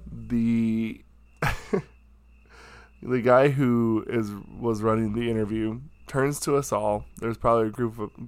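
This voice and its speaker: A man's voice: mid-range voice, smooth, no room sound. A man telling a casual, self-mocking anecdote from his room at home, chatty and full of fillers. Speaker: storyteller.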